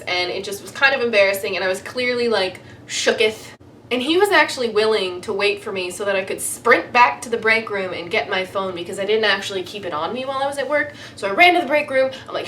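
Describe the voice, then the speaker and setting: A young woman telling a casual storytime, excitable and animated, with lots of fillers. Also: a little high, recorded from a distance, a little hiss or hum.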